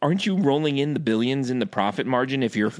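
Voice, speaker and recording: A man's voice: mid-range voice, expressive, fast talker, dry recording, studio quality. A man co-hosting a podcast, chatting casually and laughing often. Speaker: podcast co-host. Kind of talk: casual chat.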